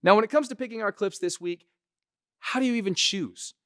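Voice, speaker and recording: A man's voice: sits high, brisk, a bit bright, clean tone, dry recording, studio quality. Chatty man teaching impressions. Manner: chatty, keeps adding "right?" to check in. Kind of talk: casual on-camera tutorial.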